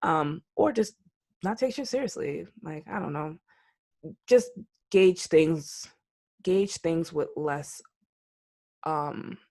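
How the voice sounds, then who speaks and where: A woman co-hosting a podcast, chatting casually and telling a dating story with animated, acted-out quotes. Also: low-pitched, creaky. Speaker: podcast co-host. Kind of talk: casual chat.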